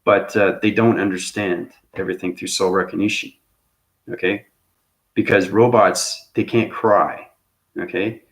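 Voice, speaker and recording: A man's voice: low-pitched, steady tone, measured pace. A man hosting his own channel, talking through a loose spiritual monologue that searches for words and restarts, and keeps checking in with "okay?". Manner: repeats "okay?" as a tag after phrases. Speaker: channel host.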